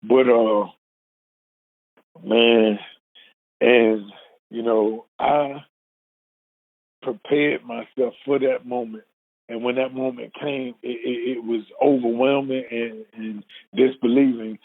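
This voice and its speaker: A man with a husky, breathy voice tells his story with deep earnestness and often repeats words as emotion catches up with him. His pitch sits in an ordinary middle range. The sound is narrow and tinny, like a phone line. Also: steady tone, slow, pauses often. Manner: earnest, repeats words when moved, acts out quoted speech. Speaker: guest telling his life story.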